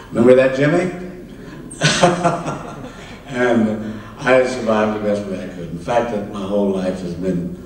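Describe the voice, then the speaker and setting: Older male guest, low-pitched, halting anecdotal delivery with chuckles; recorded far from the mic in a very echoey hall. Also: a little mellow. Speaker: interview guest. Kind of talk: live stage conversation, storytelling. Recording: roomy, distant mic in a hall.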